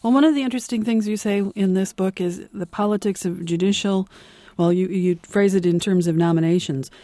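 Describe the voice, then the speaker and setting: A radio interviewer asking slow, measured questions. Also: mid-range voice, fairly even intonation, dark tone, dry recording.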